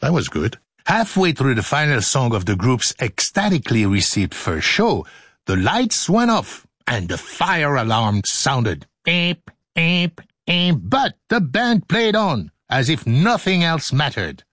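A man's voice: medium pitch, huge pitch swings, measured pace, a bit bright, slightly rough, no room sound, clean studio sound. A man hosting a radio show, joking through outtakes in a playful, theatrical way. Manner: jokey, theatrical, swoops into silly voices. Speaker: radio host. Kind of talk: playful studio banter and outtakes.

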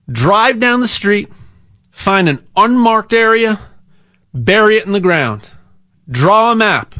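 Male pitchman, slightly high voice, unhurried delivery, dry close sound, rambling and jokey. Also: a bit bright, dry recording. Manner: rambling, repeats words, jokey asides. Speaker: gold sales pitchman. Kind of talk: casual promotional talk.

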